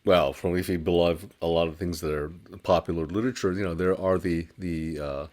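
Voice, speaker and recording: A man telling a personal ghost story in casual conversation, animated and laughing as he acts out his own reactions. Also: low voice, fairly quick. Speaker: storyteller guest.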